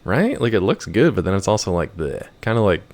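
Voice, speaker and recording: An American man with a hoarse, gravelly voice from a week of yelling, chatting casually while streaming a game and reading chat. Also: sits low, sing-song, brisk. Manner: rambling, jokey, reads chat aloud.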